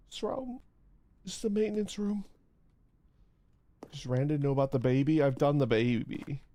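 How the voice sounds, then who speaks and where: A streamer chatting casually on a live stream while gaming, with loud groaning outbursts and halting reading aloud. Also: medium pitch, animated, no room sound.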